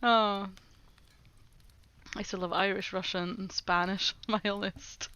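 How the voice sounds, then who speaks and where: A woman streamer talks unhurriedly with her chat, breaking into giggles often. Her voice is bright and crisp in tone. The sound is slightly dull and lo-fi. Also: mid-range voice, fairly even intonation, slow. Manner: laughs often, chatty and giggly. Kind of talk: casual livestream chat, reading chat aloud.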